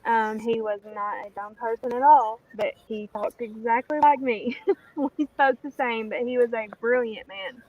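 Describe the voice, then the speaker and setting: A woman from the American South talks in a folksy, easygoing way with a strong Southern accent. Her voice sits a little high, and she laughs often as she chats on a stream call. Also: steady tone, moderate pace, highs cut off. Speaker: guest caller. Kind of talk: casual chat.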